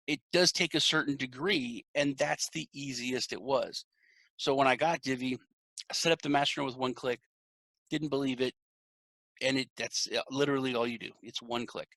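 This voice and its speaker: A man with a gravelly, bright voice chats casually as a podcast host. He tells an animated story and acts out the lines of the people he quotes. The sound is dry and close. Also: mid-range voice, moderate pace, no echo. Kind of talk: casual interview chat.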